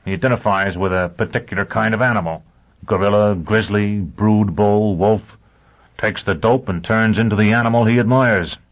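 A hard-driven spaceman barks short, clipped orders and grunts his answers, as a male audiobook reader voices him. His voice sits fairly low and the recording sounds dull and lo-fi. It has the feel of a plain audiobook character reading. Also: normal speed. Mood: matter-of-fact.

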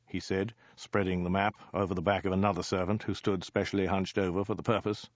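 Brief: low-voiced male storyteller, dry and measured, dull lo-fi recording. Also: little pitch movement, no echo. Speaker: narrator. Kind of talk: scripted narration of a comic story.

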